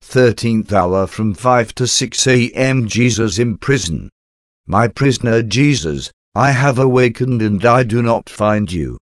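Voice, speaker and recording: A man's voice: mid-range voice, lively intonation, measured pace, no room sound, clean studio sound. A man reading a devotional meditation aloud as a solemn, intimate prayer addressed to Jesus. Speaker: devotional reader.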